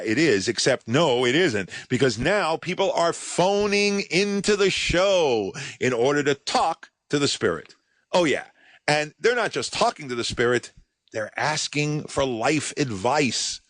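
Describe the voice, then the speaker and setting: A man's voice: medium pitch, a bit bright, no echo. A man hosting a podcast, telling a story in wry, sardonic scripted narration. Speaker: podcast host.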